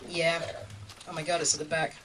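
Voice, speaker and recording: On a small club stage, a thirtysomething woman performs live stand-up, rambling chattily, poking fun at herself, and saying um a lot. She speaks fairly quickly in a low, flat delivery, over the din of a loud crowd in a noisy club.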